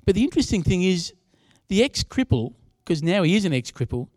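A man's voice: high voice, sing-song, fairly quick, a little mellow, no echo. A younger man preaching a sermon in a conversational way, with asides to the congregation. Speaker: pastor.

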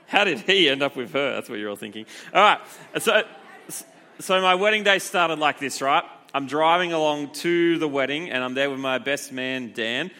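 Guy in his 30s giving a youth sermon, bright voice, funny storytelling, acts out the quotes. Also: mid-range voice. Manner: lively self-deprecating storyteller who acts out quotes. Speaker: youth pastor.

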